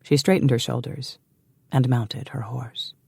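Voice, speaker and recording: A man narrates a historical romance audiobook in a measured, deliberate reading. His voice is husky and gravelly with a dark tone. The close studio mic sounds dry. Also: medium pitch, fairly even intonation, no echo. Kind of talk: scripted narration.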